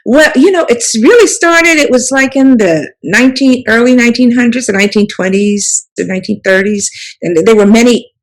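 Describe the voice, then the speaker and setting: A woman's voice: on the high side, fairly quick, poor audio. A woman, reminiscing in a rambling interview style full of "you know" and restarts. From South Carolina Sea Islands. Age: 70s. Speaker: author and storyteller guest.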